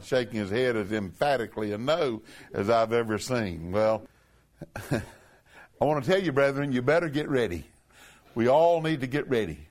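High-voiced man preaching a sermon. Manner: preaching, stretching out quoted scripture slowly; addresses congregation as brethren, jokes with them.

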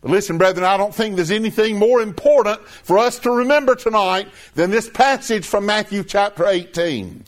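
A man's voice: high-pitched, moderate pace, few pauses. A man preaching a sermon, earnest and emphatic, who repeats phrases for stress.

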